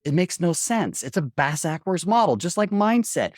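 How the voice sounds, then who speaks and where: A man's voice: fairly high pitch, big pitch swings, normal speed, few pauses, dry recording, clean studio sound. Emphatic middle-aged man telling a story. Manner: emphatic, blunt, with mild swearing. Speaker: podcast guest. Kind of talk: animated storytelling.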